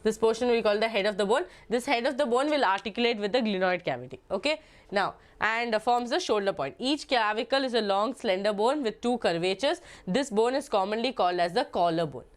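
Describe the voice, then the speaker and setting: A woman's voice: on the high side, lively intonation, fairly quick. A young woman teaching a biology lecture in Malayali-accented English, chatty and repetitive, often checking in with "okay?" and "no?". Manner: chatty, repeats herself, asks "okay?" and "no?". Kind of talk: online exam-prep lecture.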